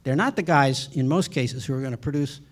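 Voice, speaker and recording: A man's voice: mid-range voice, brisk. A man closing his remarks at a public talk, blunt and emphatic, citing history. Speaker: panel speaker.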